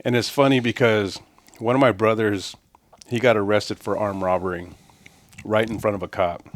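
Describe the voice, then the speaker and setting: Laid-back low-voiced man. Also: fairly even intonation, normal speed, no echo. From East Los Angeles. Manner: laid-back, lots of "you know" and "man". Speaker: guest tattoo artist. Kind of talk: casual podcast chat.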